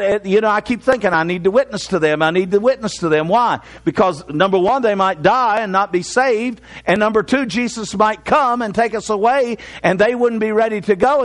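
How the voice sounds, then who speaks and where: An older man preaching a sermon as pastor, slowing for emphasis and telling folksy stories. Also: sits high.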